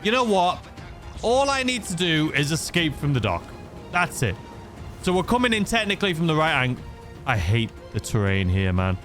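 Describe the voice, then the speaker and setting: A man's voice: fairly high pitch, very animated, moderate pace, a bit bright, soft background music. A man giving rambling, self-mocking gameplay commentary that tips into frustration. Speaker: gaming YouTuber.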